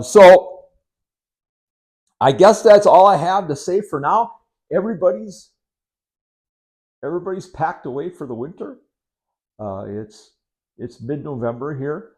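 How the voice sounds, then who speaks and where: A middle-aged man from Wisconsin rambling casually to camera, unhurried and full of ums, with sarcastic asides. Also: a little high, darkish tone. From Wisconsin, United States. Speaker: vlogger.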